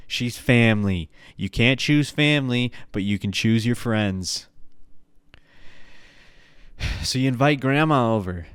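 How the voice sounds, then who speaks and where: A man's voice: medium pitch, clear, resonant tone, dry recording, studio quality. A man hosting a podcast, ranting playfully and crudely in a casual comedic style. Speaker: podcast host.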